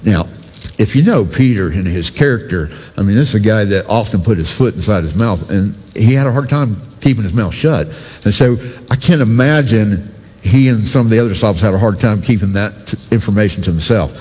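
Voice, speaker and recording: A man's voice: fairly low pitch, expressive, brisk, darkish tone, breathy edge. Man preaching in a reverberant church hall. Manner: conversational preaching with asides to the congregation. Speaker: pastor. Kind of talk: sermon.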